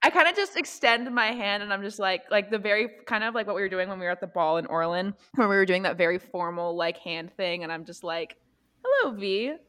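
A woman at a tabletop game with a bright, mid-pitched voice. She cracks jokes and narrates her character's moves in a casual way. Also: quick pace, few pauses, clear, resonant tone. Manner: jokey, describes her character's actions. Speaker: player.

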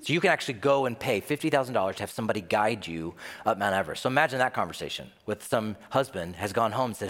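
A man's voice: lowish voice, very animated, fast talker, hardly any pauses, a bit bright. A man preaching a sermon, telling a story vividly and acting out the voices of the people in it. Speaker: pastor. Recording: long hall reverb.

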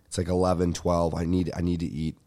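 A man's voice: low-pitched, brisk. Ranting man. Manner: animated ranting with frequent profanity. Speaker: podcast host. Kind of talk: ranting comedic storytelling.

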